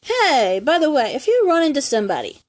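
A woman's voice: high voice, huge pitch swings, quick pace, a little mellow. A young woman with a youthful, girlish voice, chatting casually and rambling on her own podcast, laughing often. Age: young adult. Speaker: podcast host. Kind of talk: casual solo chat. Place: room at home.

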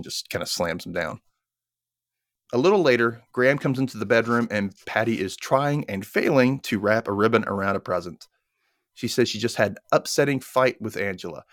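A man's voice: fairly low pitch, brisk, dry recording, studio quality. Man animatedly recapping a TV episode. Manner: animated retelling, briefly voicing characters' lines. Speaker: podcast co-host.

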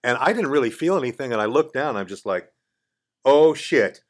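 Older man spinning a lively studio yarn. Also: medium pitch, fast. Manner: animated, acts out quoted voices, chuckles mid-story. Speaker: podcast guest. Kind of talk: casual storytelling. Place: radio studio.

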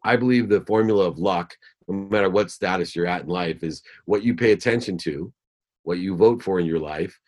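Male guest, very low-pitched, motivational speaker who stacks phrases for emphasis. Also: fairly quick, darkish tone, soft background music. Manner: emphatic, lists ideas in rhythmic phrases; acts out voices when telling a story. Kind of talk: motivational talk.

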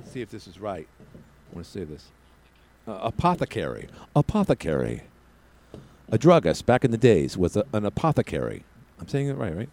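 A man's voice: on the low side, sing-song, a little fast, creaky, dark tone. Talk radio guy hosting, rambly, trips on words, voice jumps up and down a lot. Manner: rambling, stumbling over words; interrupts callers. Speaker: radio talk show host. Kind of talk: casual talk radio chat.

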